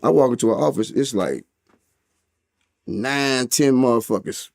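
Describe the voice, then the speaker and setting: A man's voice: medium pitch, measured pace, creaky, darkish tone. St. Louis man telling a street story. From St. Louis, USA. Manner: street slang and heavy cursing, acts out quotes in a raised voice. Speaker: interview guest. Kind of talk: storytelling in an interview.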